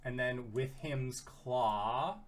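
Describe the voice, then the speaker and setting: Slow, casual tabletop game master. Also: mid-range voice. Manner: casual, loose, with frequent fillers and mild swearing.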